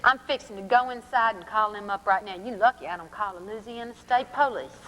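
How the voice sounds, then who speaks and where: A woman's voice: mid-range voice, brisk, a bit bright, big-room sound, close to an everyday voice, rough recording. A woman voicing a stern, nosy blonde saleslady in a cowboy store, with a twangy drawl. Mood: scolding.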